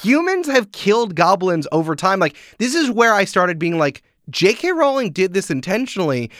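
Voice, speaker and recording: A man talking casually on a podcast, animated and full of "like" fillers. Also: on the high side, no echo, clean studio sound. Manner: animated, uses many "like" fillers, acts out quotes. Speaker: podcast guest.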